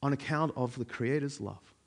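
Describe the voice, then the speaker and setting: A man's voice: mid-range voice, normal speed, vocal fry. A man preaching a sermon in a conversational way, with frequent fillers.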